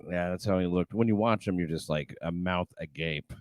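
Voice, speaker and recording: Low-voiced man hosting a late-night stream. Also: fairly quick, heavy background noise. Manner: loose, profane, laughing asides. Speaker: podcast host. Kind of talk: casual late-night show chat.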